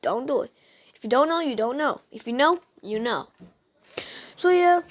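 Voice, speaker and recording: A woman with a high-pitched, animated voice talks at a normal speed. She casually retells a fan story to her viewers, speaking straight to them, hesitant and full of "um"s and restarts.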